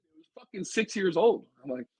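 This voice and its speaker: Fast, husky, high-voiced man. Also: dry recording, poor audio. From Arizona. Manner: energetic, blunt, swears freely. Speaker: HVAC sales pro, podcast guest. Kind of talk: casual podcast storytelling.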